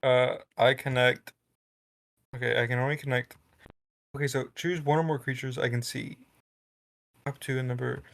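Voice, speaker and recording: A man chats his way through a tabletop game, hesitant and often laughing as he thinks aloud. His voice sits at an ordinary middle pitch. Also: fairly even intonation, normal speed, vocal fry, long pauses, a bit bright. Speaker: player. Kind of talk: tabletop game chat over a call.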